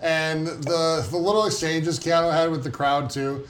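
A man co-hosting a gaming podcast, telling stories with energy and chiming in with quick agreement. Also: on the high side. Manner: animated storyteller, quick to agree. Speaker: podcast co-host. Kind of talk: casual chat.

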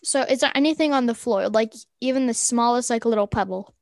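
A playful woman playing a tabletop game, chatting and joking with the game master. Her voice sits a little high for a woman and is recorded dry and close. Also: brisk, dry recording. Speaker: player.

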